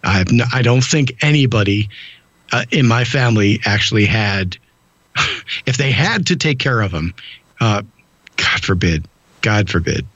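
A man's voice: fairly low pitch, animated, unhurried, pauses often, a bit bright, dry recording. Blunt, rambling podcast man. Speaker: podcast host. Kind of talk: casual podcast chat. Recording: dull, dry lo-fi sound.

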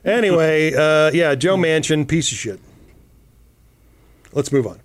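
A man's voice: fairly high pitch, expressive, a little slow. Sarcastic man reading the news. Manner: sarcastic, reads news items aloud with asides. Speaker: podcast co-host. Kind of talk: casual political chat.

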